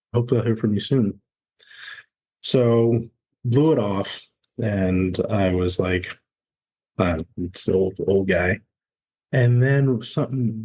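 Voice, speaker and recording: A man in his forties tells his story as a podcast guest. His voice sits low and sounds husky. He speaks candidly and acts out the dialogue of the people in his story. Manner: candid, animated storyteller acting out quoted dialogue. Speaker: podcast guest, former Navy SEAL. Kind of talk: conversational storytelling interview.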